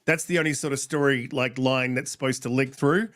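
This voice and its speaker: A man co-hosting a casual podcast chat, talking quickly in a rambling way with many fillers. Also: mid-range voice, fairly even intonation, fairly bright tone.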